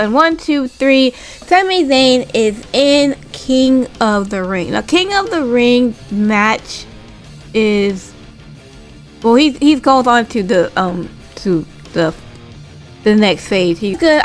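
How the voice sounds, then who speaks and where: A woman casually recapping a wrestling show, retelling scenes with quick impressions and swearing freely. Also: on the high side. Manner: animated, swears casually, laughs.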